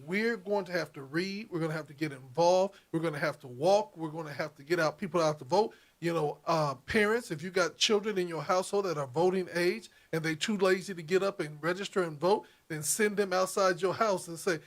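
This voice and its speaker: A man with a fairly high voice co-hosts a political talk show. He speaks emphatically and hammers his points home through repetition, rising in intensity like a preacher. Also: brisk, hardly any pauses. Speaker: co-host.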